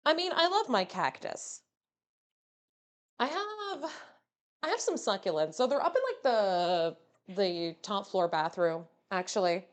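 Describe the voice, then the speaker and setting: A woman's voice: medium pitch, big pitch swings, a little slow. A young woman streaming live, chatting casually with her viewers in a playful, teasing way and swearing freely.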